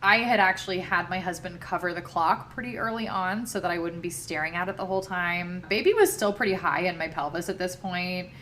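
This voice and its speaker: A young adult woman, a podcast host, telling a personal story in a candid, expressive way with blunt asides. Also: on the low side, fairly quick, few pauses, a little hiss or hum.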